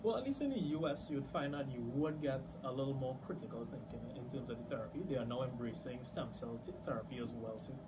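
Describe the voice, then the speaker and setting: A man co-hosting a radio talk show, agreeable and quick to affirm. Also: mid-range voice, animated, recorded from a distance, heavy background noise. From Trinidad. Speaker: radio co-host. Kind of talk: casual radio chat.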